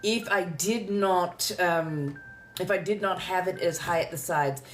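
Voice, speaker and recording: At home on a live stream, a woman from Southern California reads tarot in casual chat, speaking in a theatrical, drawn-out way and calling her viewers darlings. Her voice is lowish, with faint music playing behind.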